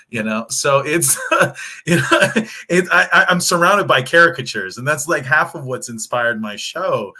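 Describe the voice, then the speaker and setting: A man's voice: mid-range voice, lively intonation, moderate pace, pushed and bright. A man from Hawaii with a Hawaiian Pidgin accent, speaking candidly and emphatically on a panel, often restarting his sentences.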